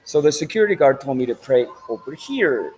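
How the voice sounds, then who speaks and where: A man's voice: medium pitch, sing-song, fairly quick, darkish tone, a little hiss or hum, poor audio. Rambling, profane man vlogging in a station. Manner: profane, rambling, street slang. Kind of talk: rambling casual monologue. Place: large indoor train station.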